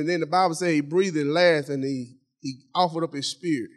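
A man's voice: high voice, quick pace, hardly any pauses. A middle-aged man preaching a sermon in a folksy, conversational way, talking straight to the congregation and repeating phrases for emphasis. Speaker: pastor.

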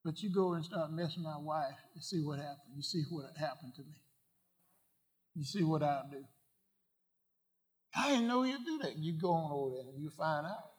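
A man preaching a sermon, asking the congregation questions and swinging from quiet asides to loud declarations. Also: on the high side, steady tone, normal speed. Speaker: pastor.

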